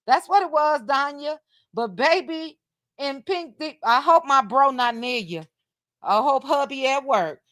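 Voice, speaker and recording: A woman's voice: on the high side, a bit bright, no room sound, clean studio sound. A middle-aged woman hosting a casual late-night livestream chat at home, laughing and teasing as she reads her viewers' comments. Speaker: livestream host reading chat.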